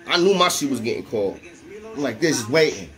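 A man with a New York accent telling a story from his time inside, casual and animated, laughing often, in heavy street slang. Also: medium pitch, fast talker, soft background music. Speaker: storyteller recalling prison life.

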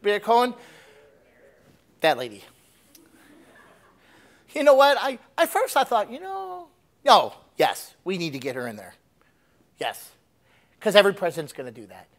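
A man preaching a sermon, animated, swinging between loud emphatic bursts and low asides. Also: moderate pace, pauses often. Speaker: pastor.

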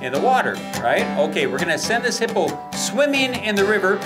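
A man's voice: high-pitched, very animated, brisk, hardly any pauses, over music. A man, a children's author, performing his poems and songs for kids, playfully coaxing them to join in. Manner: playful, coaxing call-and-response.

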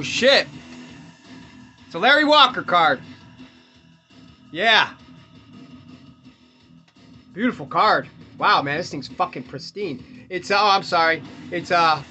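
High-pitched and sharp-toned, this male podcast host swears freely and speaks bluntly in a casual rant while ripping open baseball cards, laughing to himself often.

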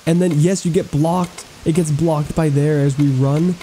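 A man giving excitable, gushing gameplay commentary as he tours a game island, cracking playful puns. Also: fairly high pitch, measured pace, a little hiss or hum. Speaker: gaming YouTuber touring an island.

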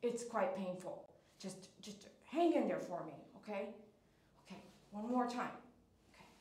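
A woman's voice: mid-range voice, expressive, a little slow, dark tone. Woman coaxing a dog, echoey room. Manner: coaxing, repeats short soothing phrases. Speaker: dog groomer. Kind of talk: soothing talk to a dog while grooming. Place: grooming salon. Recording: echoey room, distant mic, clipper buzz.

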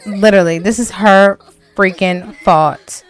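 A woman narrating her life-sim game in slow, drawn-out phrases. She reacts with loud, slangy exclamations and the odd swear word. Faint music plays underneath. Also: mid-range voice, fairly even intonation, clean tone. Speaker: let's play host. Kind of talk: game commentary.

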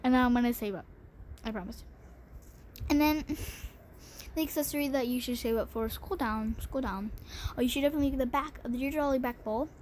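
Excitable high-voiced woman gaming vlogger. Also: brisk, long pauses, slight background noise. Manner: excitable, gushing, mock-dramatic complaining. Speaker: gaming channel host. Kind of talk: casual game tutorial chat.

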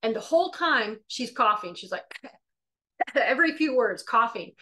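A woman's voice: fairly high pitch, unhurried. A middle-aged woman teaching and sharing a personal testimony, telling it conversationally and acting out the dialogue. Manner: lively storyteller acting out dialogue; conversational, with fillers and restarts. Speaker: Christian teacher.

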